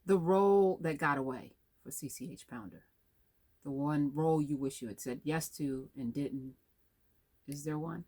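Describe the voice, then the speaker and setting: A woman hosting a radio talk show, interviewing her guest in a lively, conversational way. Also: sits low, normal speed, slightly rough.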